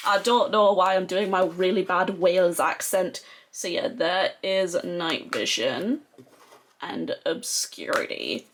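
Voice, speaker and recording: A young adult woman who talks chattily and excitably as a beauty vlogger, with lots of "like" fillers. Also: medium pitch, unhurried, a little hiss or hum. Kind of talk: casual chatty tutorial.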